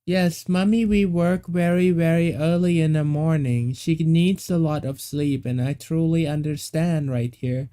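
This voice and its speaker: Slow-talking gaming streamer. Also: medium pitch, fairly even intonation, warm tone. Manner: slow, repeats words, reads dialogue aloud. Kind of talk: game playthrough commentary.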